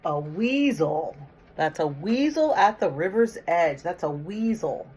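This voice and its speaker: A woman's voice: fairly low pitch, expressive, takes it slowly, a little mellow, slightly rough. A middle-aged woman teacher reading a picture book aloud to young children, coaxing them with questions and praising their answers. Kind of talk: read-aloud storytime with questions.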